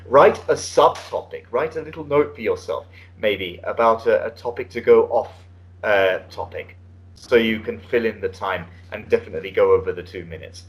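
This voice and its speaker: A man giving spoken feedback as an IELTS speaking examiner over an online call, relaxed and coaching, with many fillers and restarts. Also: mid-range voice, dull audio. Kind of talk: spoken feedback on a mock test. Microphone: online video call.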